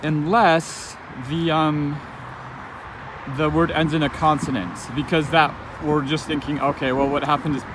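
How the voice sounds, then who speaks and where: A man giving an informal spoken lesson, thinking aloud as he goes, with halting restarts and frequent fillers. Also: fairly high pitch, level tone, noisy background. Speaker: language teacher.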